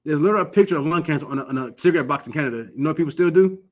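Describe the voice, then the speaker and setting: Guy from michigan preaching law class, kinda high voice, earnest, keeps restarting his words. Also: racing. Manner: earnest, exhortative, frequent restarts. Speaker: religious law teacher. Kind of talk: informal scripture teaching.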